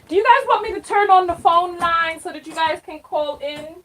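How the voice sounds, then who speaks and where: A woman hosting a casual live stream from her RV, talking to viewers in an animated, exasperated way. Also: very high-pitched, unhurried, slight background noise. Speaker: host.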